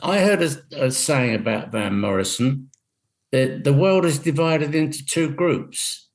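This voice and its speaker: A man's voice: on the high side, animated, measured pace. An older man from England, a guest on a radio show, telling stories in a dry, wry way over a video call. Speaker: guest musician. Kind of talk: casual radio interview.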